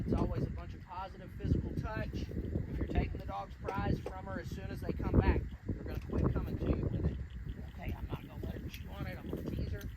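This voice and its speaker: A man with a drawl and a fairly high voice teaches dog training outdoors by a pond. He explains patiently between bursts of coaching cheers. He is picked up from some distance, with loud outdoor noise behind him.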